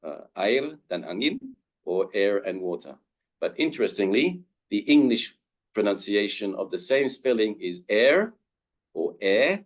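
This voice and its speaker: A man's voice: on the low side, expressive, moderate pace. A young man, giving a webinar lecture and carefully modelling the sound of each word aloud. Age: young adult. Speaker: guest speaker teaching pronunciation.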